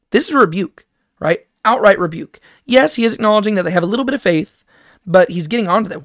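A man with a high voice teaches a Bible study at a quick pace, casual and conversational, often checking in with "right?" The sound is clean studio audio with no echo.

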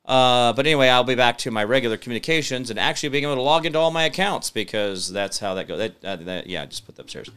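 A man's voice: medium pitch, lively intonation, fast talker, few pauses, a bit bright, clean tone. A man hosting a live-stream show, talking emphatically and reading viewer comments, rambling with many fillers. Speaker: show host.

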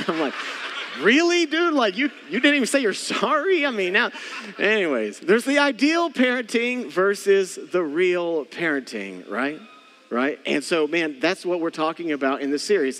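A man's voice: fairly high pitch, big-room sound. A man in his thirties preaching a casual, joking sermon as a pastor, talking straight to his congregation. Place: church hall.

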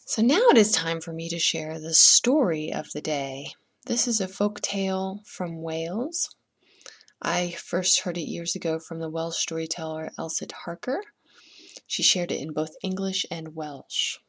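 A woman hosting a podcast, chatting with a guest and gently telling a folktale. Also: low voice, a little slow. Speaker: podcast host and storyteller. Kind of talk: podcast chat and folktale storytelling.

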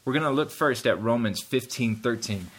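Man, pastor, sermon, bright clear tone, earnest emphatic delivery. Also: medium pitch, moderate pace. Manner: earnest preaching, rising with emphasis at key points.

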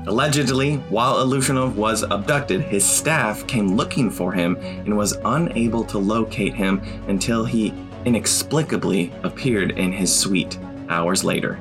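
A male podcast co-host with a lowish voice, speaking slowly and dryly. Music plays behind him as he narrates. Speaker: co-host, performer. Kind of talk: casual podcast chat and narration.

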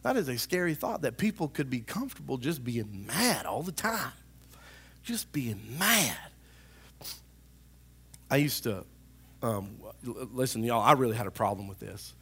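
Man pastor, emphatic sermon, call-and-response, gravelly voice. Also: mid-range voice, sing-song, a little slow, pauses often, a bit bright. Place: church service.

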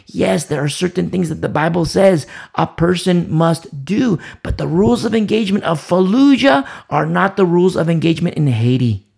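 A man preaching a sermon, emphatic and repetitive, asking rhetorical questions and swinging from loud emphasis down to a hushed voice. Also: a little high, vocal fry, breathy edge.

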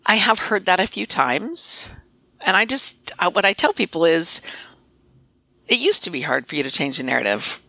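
A woman's voice: lowish voice, sing-song, moderate pace, creaky, pushed and bright, no echo. A middle-aged woman veterinarian and practice owner, speaking as a podcast guest in an emphatic, coaching way.

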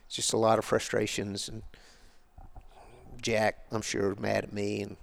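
A man's voice: fairly low pitch, monotone, measured pace, vocal fry. An older man, a guest on an interview show, telling rambling, colloquial stories in a casual way. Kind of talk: casual storytelling.

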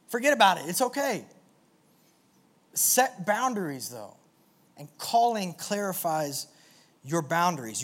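A man preaching a sermon to a live audience in an animated, energetic way, with call-and-response. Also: high-pitched. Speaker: pastor.

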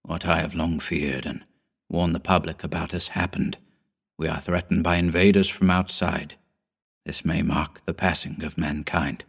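A weary older astronomer explaining a dreadful truth in a deep, low voice, gentle but grave, as a male reader plays him. His storybook voice stays measured and calm.

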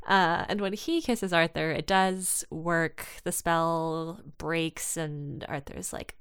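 A woman with a low, smooth voice in casual chat, recapping a story and slipping into the characters' lines as she goes. The sound is dry and close, with no room around it. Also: slow pace, fairly bright tone, no echo. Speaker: podcast co-host discussing fan fiction.

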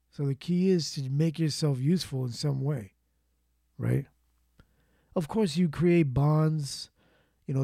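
A man hosts his own solo talk show in a gravelly, mellow voice with a slightly raised pitch. He rambles casually and bluntly, often correcting himself as he goes. The recording is dry and close. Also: no room sound. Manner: rambling, opinionated, self-correcting. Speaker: podcast host.

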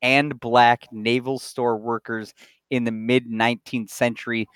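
A man's voice: medium pitch, level tone, unhurried, a bit bright, clean tone, no echo, clean studio sound. Laughing, jokey man on a podcast. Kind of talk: casual chat.

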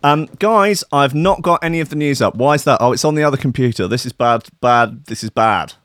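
A man's voice: medium pitch, brisk, a bit bright, no room sound. A man hosting a radio show, talking in a rambling, sweary, comic way with trailing asides.

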